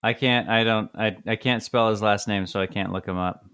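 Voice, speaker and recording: A man's voice: lowish voice, steady tone, fairly quick, fairly bright tone, smooth. A man co-hosting a podcast, wry and teasing, mostly giving short reactions. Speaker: podcast co-host. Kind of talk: casual chat.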